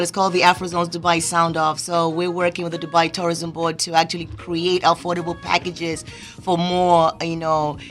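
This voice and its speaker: Low-voiced woman hosting a radio chat. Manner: warm encouraging, preacher-like pep talk. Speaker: host. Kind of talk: casual interview chat.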